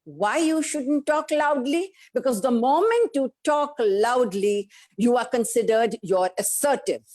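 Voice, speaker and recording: A woman with an Indian English accent speaks as an interview guest in a fairly high voice that swoops up and down. She is emphatic and passionate, firing rhetorical questions. She slips into the voices of the people she quotes. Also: lively intonation, a little slow, darkish tone. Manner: acts out quoted voices of family and society. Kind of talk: conversational interview answer.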